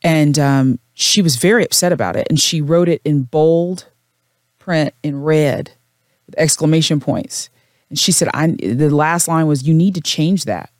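A woman's voice: sits low, unhurried, no room sound, clean studio sound. A woman news anchor as a podcast guest, speaking earnestly and expressively in casual chat.

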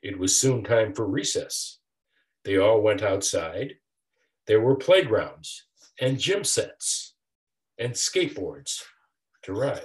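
Older male author reading a children's rhyme aloud, unhurried, with a lively sing-song rise and fall. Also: mid-range voice. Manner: rhythmic rhyming delivery. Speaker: author reading his picture book. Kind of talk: storybook read-aloud.

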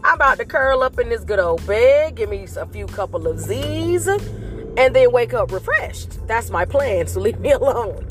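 A woman's voice: on the high side, big pitch swings, measured pace, music in the background. A woman hosting a motivational vlog, giving an earnest, faith-based pep talk that repeats its points to encourage listeners.

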